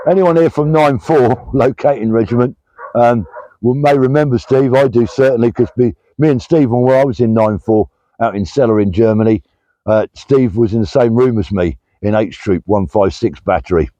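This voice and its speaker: An older British army veteran chatting casually on his vlog while out walking, reading out supporters' names with plenty of pauses and restarts. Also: mid-range voice, warm tone, no room sound, highs cut off. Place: walking outdoors, pulled over at the roadside.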